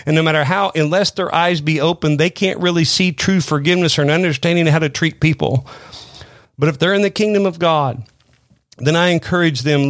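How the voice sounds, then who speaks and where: A man's voice: on the high side, brisk, no room sound, clean studio sound. A middle-aged man preaching a sermon, earnest, often repeating words and restarting his sentences. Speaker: pastor. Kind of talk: sermon-style teaching.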